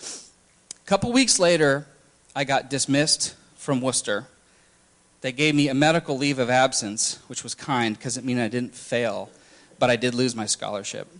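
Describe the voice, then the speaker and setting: A young man telling his personal story candidly, halting often with restarts and fillers. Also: medium pitch, a bit bright. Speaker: testimony speaker. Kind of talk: personal testimony talk.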